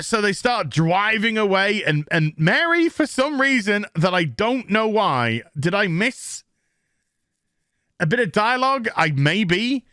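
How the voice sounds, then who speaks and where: A man's voice: sits high, sharp tone, dry recording, clean studio sound. A man recapping a TV episode in a casual, sarcastic, profane rant, mocking the scenes. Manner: mocks scenes in quick put-on voices. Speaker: TV show reviewer.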